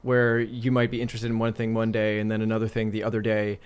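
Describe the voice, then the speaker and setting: A man's voice: fairly low pitch, monotone, fast talker, clear, resonant tone. A man hosting a podcast, talking thoughtfully with hesitant restarts and a polite tone. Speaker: podcast host. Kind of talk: casual podcast chat. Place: room with guitars.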